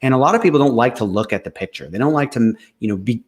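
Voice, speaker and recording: A man talks casually and candidly about leadership, leaning on repeated phrases for emphasis. His pitch sits in the middle of the usual range for a man. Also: lively intonation, fast. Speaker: co-host. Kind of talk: casual livestream talk.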